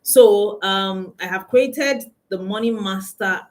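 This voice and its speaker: A woman's voice: mid-range voice, slow, darkish tone, poor audio. A woman with a Nigerian accent, a coach hosting a casual live stream from her phone, greeting viewers by name and laughing often.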